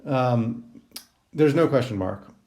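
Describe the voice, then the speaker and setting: A man's voice: mid-range voice, slow pace, a little mellow. A man teaching a Greek translation lesson, thinking aloud with many ums and restarts. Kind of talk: recorded class lecture.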